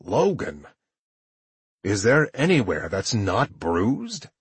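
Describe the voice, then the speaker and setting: A male narrator voicing a worried young man who speaks in a calm, reassuring way with a husky tone. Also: fairly low pitch, slow, no room sound, full character voice. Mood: soothing.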